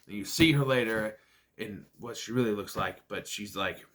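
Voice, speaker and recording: Here a movie reviewer speaks at a normal pace in a fairly low, fairly bright voice. He runs through a bad movie casually, adding sarcastic remarks and jumping into exaggerated character voices.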